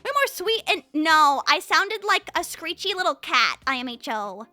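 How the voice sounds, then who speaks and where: A young woman streamer chatting casually with her live chat, talking very fast and bubbly. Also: very high voice, very animated, pushed and bright, dry recording, soft background music.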